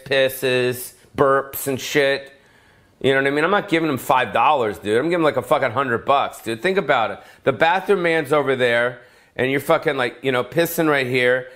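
Casting: a loose, foul-mouthed male comic, rambling rant, mid-pitched. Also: fairly bright tone. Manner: rambling, profane, repetitive. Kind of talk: profane comedic rant. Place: Las Vegas.

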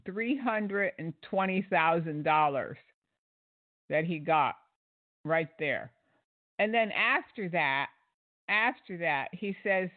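A man with a fairly high voice picks apart a preacher's fundraising, sarcastic and indignant, full of "uh" and restarts. His audio is dry and thin, like a phone line. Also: dry recording. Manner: indignant and sarcastic, with many fillers. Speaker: commentator. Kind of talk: critical commentary on a sermon clip.

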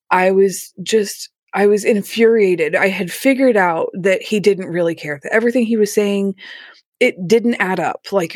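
A woman's voice: mid-range voice, a little mellow, no echo, studio quality. A woman telling her own painful story as an interview guest, candid and emotional, with a few nervous laughs. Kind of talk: personal story told in an interview.

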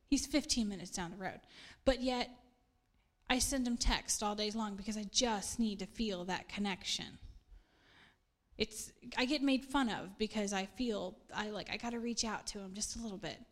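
A middle-aged woman pastor, preaching a casual sermon in an earnest, chatty way and laughing at herself now and then. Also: fairly high pitch.

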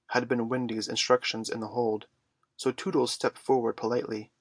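A man reading a children's story aloud in an even, measured way. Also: medium pitch, no echo, clean studio sound. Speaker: audiobook reader. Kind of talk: storybook narration.

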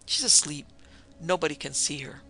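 A man plays a hard-drinking man of affairs who snaps out short commands in an audiobook. The voice is gravelly with a sharp, bright edge and sits a little high. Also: expressive, moderate pace, soft background music. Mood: brusque. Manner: abrupt, commanding.

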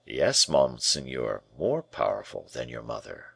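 A calm, guarded bishop who answers gravely and without hurry, as voiced by a man. The voice is deep and low. It is recorded close and dry. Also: no echo, full character voice. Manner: slow, grave, measured replies.

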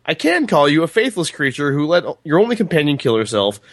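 A man's voice: a little high, sing-song, brisk, no echo, voice pushed up. A man reading aloud as a stern, scornful male gunslinger, speaking the passage with heated emphasis.

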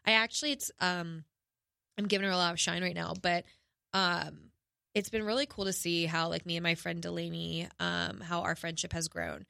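A woman's voice: on the low side, moderate pace, vocal fry, bright, forceful tone, dry recording, studio quality. A young woman telling a personal story in a casual podcast chat, candid and emotional, with many fillers.

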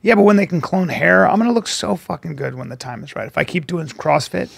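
A middle-aged man co-hosting a podcast in casual chat, talking fast and trailing off into mumbles. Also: fairly high pitch, lively intonation, vocal fry. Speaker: podcast co-host.

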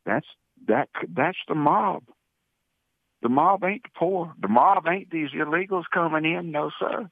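A man's voice: fairly high pitch, a little slow, no echo. A man calls in to a radio talk show, his voice squeezed thin by a tinny phone line. He rambles along in a folksy, colloquial way, and the line sounds dry with no room around it. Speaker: caller. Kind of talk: casual call-in chat. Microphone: telephone.

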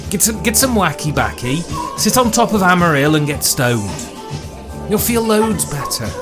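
A man voicing a crude, cheerful young Englishman who swears freely, laughs loudly and stumbles over his words in a phone message, raised above his own voice. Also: high voice, voice pushed up. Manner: boisterous, swearing, laughing, stammering restarts. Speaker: character leaving a phone message. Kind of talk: voiced phone message in a solo tabletop game.

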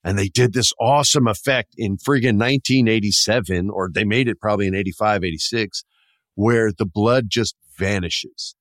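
A lower-pitched man chatting as a podcast co-host about a horror film. He tells the story with animated energy and jumps into exaggerated voices for the characters. The sound is dry and close. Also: normal speed, dry recording. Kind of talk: casual chat.

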